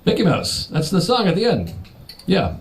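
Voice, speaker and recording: Animated man doing stand-up crowd work. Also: sits high, normal speed, background noise. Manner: loose, rambling, teasing the audience. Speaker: stand-up comedian. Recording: live show with audience laughter. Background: audience laughter.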